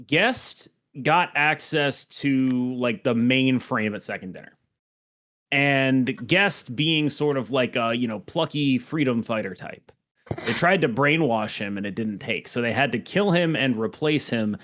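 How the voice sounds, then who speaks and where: A man's voice: mid-range voice, measured pace, a bit bright. A man co-hosting a podcast in casual chat, rambling and joking, often breaking into laughter. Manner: jokey, rambling, laughs at bits. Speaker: podcast co-host.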